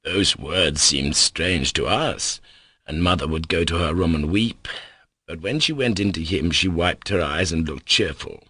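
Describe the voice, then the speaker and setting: A man narrating an audiobook in a measured, slow and solemn way. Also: low-pitched, sharp tone, breathy edge, no echo.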